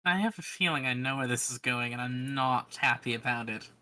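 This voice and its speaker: A man plays his tabletop character in a measured, slightly wry way. His voice sounds bright and clear, at a middle pitch. He speaks casually. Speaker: player.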